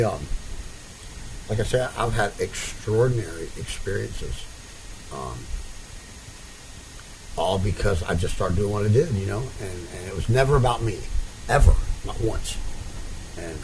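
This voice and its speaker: A man's voice: sits low, a little hiss or hum, rough recording. A man interviewing a couple in casual conversation, rambling and restarting as he tells stories. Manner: rambling storyteller with many restarts.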